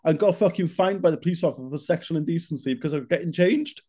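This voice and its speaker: A young man, a fitness coach co-hosting a casual chat, swearing freely as he tells an animated story. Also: a little high, fast talker, slightly rough. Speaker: fitness coach, podcast co-host.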